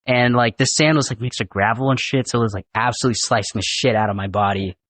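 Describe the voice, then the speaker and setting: A young man talks casually in a podcast studio, telling stories in an animated, profane and rambling way. His voice is middle-pitched, and the room sound is dry and close. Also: fast talker, no echo. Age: young adult. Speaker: podcast guest. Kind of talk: casual storytelling.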